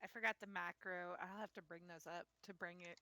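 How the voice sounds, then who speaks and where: A woman's voice: fairly low pitch, steady tone, brisk, bright, forceful tone, no room sound. A woman playing a tabletop game, tossing in short, playful remarks.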